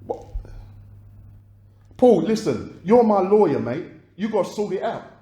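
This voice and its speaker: An actor playing an agitated record label boss, arguing on the phone and swearing. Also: male voice, sits high, very animated, a little slow, warm tone, echoey room. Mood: outraged. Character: angry male London record boss on phone. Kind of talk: dramatized film phone calls.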